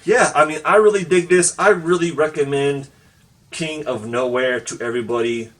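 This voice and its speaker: A man's voice: a little high, moderate pace, fairly bright tone, distant mic. A man giving a casual comic book review, talking loosely with lots of fillers and laughing along as he retells the story. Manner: loose and chatty, many fillers.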